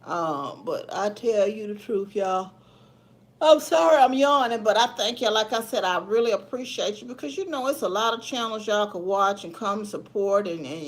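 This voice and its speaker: A middle-aged woman hosting a casual livestream, chatting folksily with viewers and laughing often. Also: medium pitch. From Memphis area, USA. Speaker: livestream host. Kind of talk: casual live chat with viewers.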